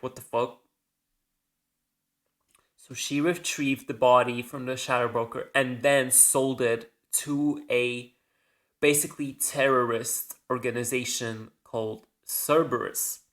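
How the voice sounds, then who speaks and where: A man's voice: mid-range voice, fairly bright tone. A man hosting a casual solo podcast, rambling and correcting himself as he goes, with the odd casual swear. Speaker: podcast host.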